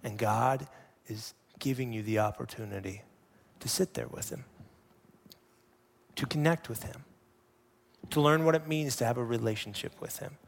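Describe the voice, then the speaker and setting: A man in his thirties, a pastor preaching a sermon with animated storytelling that drops to hushed emphasis. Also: medium pitch, moderate pace, gravelly.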